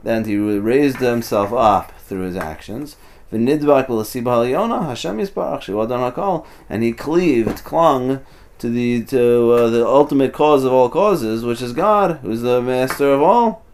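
At a measured pace, a man with a medium-pitched, darkish voice teaches a relaxed Torah text study. He translates and explains passages on the fly, thinking aloud with frequent restarts and many a "you know".

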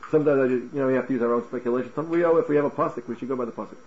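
Animated male Torah teacher, muffled. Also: medium pitch, racing. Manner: animated, asks rhetorical questions, restarts words. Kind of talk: Talmud class lecture.

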